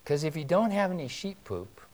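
A pastor delivers a conversational sermon, posing rhetorical questions to his congregation and shifting between loud emphasis and quiet asides. His voice is fairly high and sing-song, and he speaks briskly.

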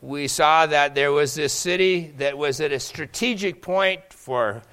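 A man preaching a Sunday sermon, asking the congregation questions and pausing for their answers, slowing down when he reads scripture. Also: fairly high pitch, a bit bright. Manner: slows down to read scripture. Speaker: pastor.

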